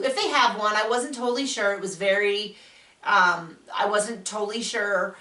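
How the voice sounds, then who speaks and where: A woman hosting a casual spoken TV recap, chatty and enthusiastic, acting out quotes with sudden jumps in pitch. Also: moderate pace, pushed and bright, distant mic. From United States. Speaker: podcast host reviewing a TV show. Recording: echoey room, voice a bit off-mic.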